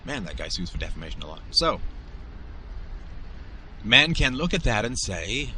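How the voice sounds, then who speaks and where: A man's voice: medium pitch, expressive, moderate pace, sharp tone, a little hiss or hum. A middle-aged man hosting a show, delivering an emphatic, opinionated monologue in a lecturing manner. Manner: emphatic, lecturing, acts out quoted voices. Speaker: podcast host.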